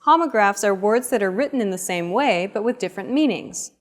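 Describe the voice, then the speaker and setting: A woman in a mid-range voice reads scripted lesson explanations. Her delivery is clear and explanatory. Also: medium pitch, lively intonation, fairly quick. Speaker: language teacher.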